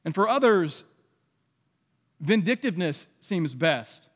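A man's voice: sits high, sing-song, slow, fairly bright tone, big-room sound. A man preaching a sermon in a conversational way, acting out the voices he quotes. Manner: conversational, acts out quoted voices, many restarts.

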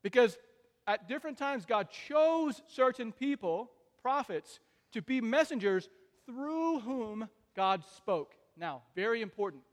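Brief: high-pitched male preacher, dynamic sermon delivery, long hall reverb. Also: lively intonation, a little slow. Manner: dynamic delivery, swings between soft asides and loud emphatic peaks.

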